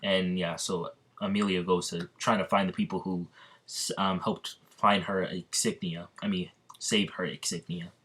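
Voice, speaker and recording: Deep-voiced man rambling through a story. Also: flat delivery, moderate pace, fairly bright tone, slightly rough. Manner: rambling, many ums and restarts. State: slightly out of breath. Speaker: fan narrating an imagined crossover story. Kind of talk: casual storytelling.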